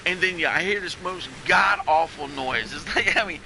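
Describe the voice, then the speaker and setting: A man's voice: a little high, normal speed, pushed and bright, a little hiss or hum, rough recording. A man from Delaware telling a long, rambling story while gaming with friends, repeating himself and laughing as he goes. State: has been drinking. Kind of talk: casual chat while gaming.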